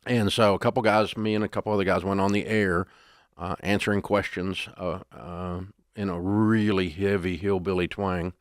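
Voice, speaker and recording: An older man as an interview guest, telling stories in a folksy, animated way. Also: sits low, moderate pace, no echo, clean studio sound. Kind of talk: storytelling interview.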